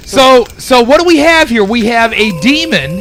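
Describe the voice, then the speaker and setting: Male radio co-host, very high bright voice, sarcastic teasing banter. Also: big pitch swings, a little hiss or hum. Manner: teasing, sarcastic, quick quips. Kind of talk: casual movie review chat.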